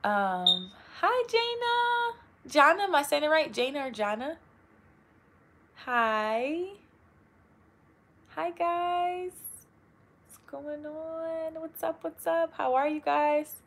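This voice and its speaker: A woman's voice: high voice, slow pace, pauses often, a bit bright. Upbeat young woman greeting live viewers. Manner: upbeat, greets viewers by name, uses y'all. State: tired from long work weeks. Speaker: vlogger hosting a live stream. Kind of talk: casual live-stream chat with viewers.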